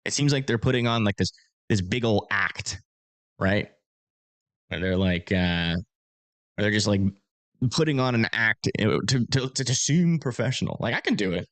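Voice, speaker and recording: A man's voice: on the low side, lively intonation, normal speed, fairly bright tone, no room sound. Chatty man rambling over storm maps. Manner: rambling, filler-heavy, chatty. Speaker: livestream storm forecaster. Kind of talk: casual livestream commentary.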